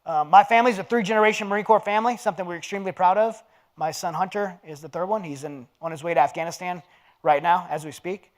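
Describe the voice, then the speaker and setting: A man in his forties giving a conversational sermon as guest speaker at a men's dinner. He tells the story with earnest feeling and drops to a low, quiet voice on personal points. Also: quick pace. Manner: earnest, storytelling delivery with scripture readings.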